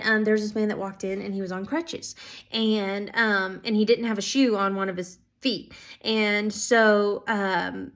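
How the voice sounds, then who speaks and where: A woman telling stories of answered prayer to her viewers, casual and excited, with lots of "um"s and "like"s. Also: medium pitch. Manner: excited, filler-heavy, many "like"s and "um"s. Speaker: ministry school student. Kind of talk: casual testimony storytelling.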